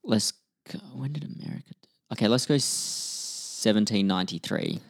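Gravelly low man thinking aloud. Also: expressive, moderate pace, no echo, studio quality. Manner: muttering, swears, thinks aloud. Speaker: quiz contestant, co-host. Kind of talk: casual chat.

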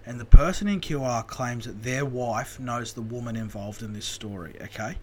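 A man with an Australian accent, telling casual stories as a podcast co-host, animated and swearing freely. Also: medium pitch, normal speed, slight background noise. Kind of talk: casual storytelling chat.

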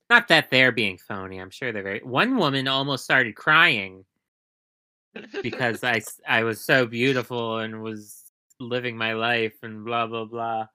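A woman chatting casually as a podcast guest, telling rambling, animated stories and swearing often. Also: rumbling low. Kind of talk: casual chat.

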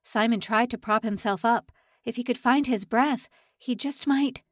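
A woman's voice: fairly high pitch, unhurried, no echo, studio quality. A woman narrating a suspense novel audiobook in a dramatic, tension-building read. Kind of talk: scripted narration.

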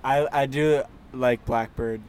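A man's voice: medium pitch, slow. Hesitant male podcast co-host. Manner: relaxed, hesitant, many "um"s. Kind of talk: casual podcast chat.

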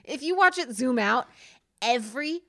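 A woman's voice: high-pitched, lively intonation, moderate pace, gravelly, bright, forceful tone, no room sound. Woman co-host, casual and giggly, drifts mid-thought; dry, close recording. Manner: giggly, rambling, trails off. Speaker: podcast co-host. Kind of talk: casual chat.

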